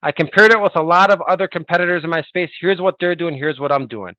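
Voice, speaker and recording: A man coaching salespeople in an energetic, persuasive way, acting out sales calls as he talks. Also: a little high, fast talker, hardly any pauses, no echo, dull audio.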